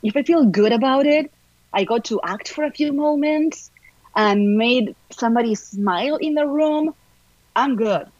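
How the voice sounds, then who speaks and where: A middle-aged actress, chatting in an upbeat way as a podcast guest, talking fast in bursts. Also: female voice, fairly high pitch, darkish tone, no echo, dull audio. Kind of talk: casual podcast chat.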